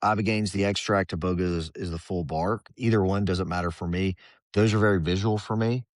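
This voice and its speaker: A man's voice: low-pitched, brisk, no echo, clean studio sound. A middle-aged man and former Army Ranger, guest on a podcast, telling his story casually and at length, often slipping into quoted voices. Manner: relaxed, rambling, drops into quoted inner voices. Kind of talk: candid conversational storytelling.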